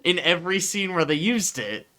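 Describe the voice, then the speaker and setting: A man's voice: high-pitched, expressive, normal speed, a loud crowd. A man co-hosting a podcast in casual chat, wry and joking. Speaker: podcast co-host.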